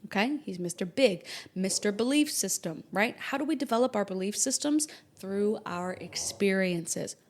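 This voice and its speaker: A woman astrologer hosting a podcast in casual, animated talk, joking and acting out little imagined quotes. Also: medium pitch, moderate pace, few pauses. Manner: animated, jokey, acts out imagined quotes in varied voices.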